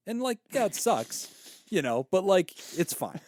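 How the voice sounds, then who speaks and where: Recorded at studio quality without echo, this thirty-something podcast co-host shares a personal story over casual conversation. His voice sits high and moves at a moderate pace; he's an animated storyteller who laughs readily and performs the voices of the people he quotes.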